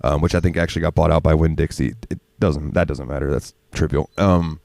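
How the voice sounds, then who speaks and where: A man's voice: very deep voice, steady tone, fairly quick, creaky, darkish tone, no echo. A man telling rambling, profane stories as a podcast co-host, laughing often. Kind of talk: casual storytelling chat.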